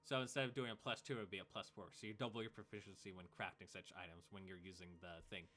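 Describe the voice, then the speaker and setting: Man, game master, casual rules explanations, lowish pitch, bright tone, faint music. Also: steady tone, fast. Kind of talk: narrating a tabletop game.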